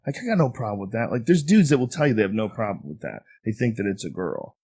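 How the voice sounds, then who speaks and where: A man hosting a podcast in casual chat, reacting with laughter and working through ideas out loud. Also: mid-range voice, sing-song, fast talker, hardly any pauses, breathy edge. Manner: reacts with gasps and laughter, reasons things out. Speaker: podcast host.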